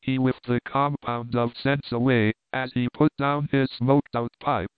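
A man reading a classic novel aloud in a smooth, measured voice. The sound is tinny and narrow like a phone line, with no room echo at all. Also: mid-range voice, level tone. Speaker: audiobook narrator.

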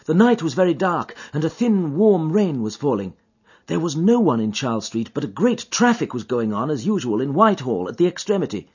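A man reads a first-person story as an audiobook, his delivery expressive and dramatic. His voice is husky and swings widely in pitch. The lo-fi recording sounds dull. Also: a little fast. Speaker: audiobook reader.

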